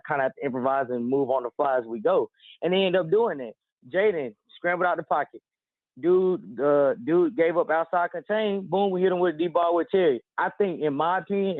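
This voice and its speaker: A man's voice: fairly high pitch, dry recording. A man calling a sports radio show, breaking down the game at length over a phone line. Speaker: caller.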